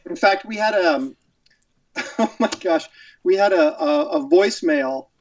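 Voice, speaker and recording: A man's voice: high-pitched, lively intonation, a little slow, no room sound, distant mic, dull audio. A middle-aged man who is a guest on a chat show, talking in an easygoing, rambling way over a video call and laughing often. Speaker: guest artist. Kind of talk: casual chat.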